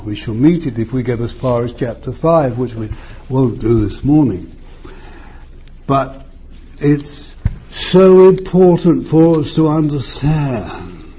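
Older preacher, lively pitch, husky. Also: male voice, takes it slowly. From East End of London. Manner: emphatic, rhetorical questions, wide swings in pitch. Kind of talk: sermon. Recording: muffled lo-fi sermon recording.

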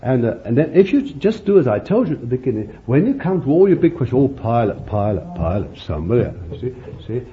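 Male preacher with a folksy, conversational sermon delivery and an animated pitch, on a muffled lo-fi recording. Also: fast talker, hardly any pauses. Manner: folksy, conversational preaching with many "you see" asides. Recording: muffled lo-fi recording with faint hiss.

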